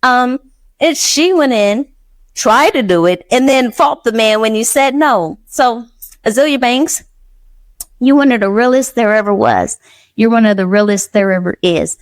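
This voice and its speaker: An animated woman tells a personal story in a casual podcast monologue. She acts out what others said and laughs as she goes. Her voice sits a little high and sounds close and dry. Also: a little slow, no room sound. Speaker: podcast host.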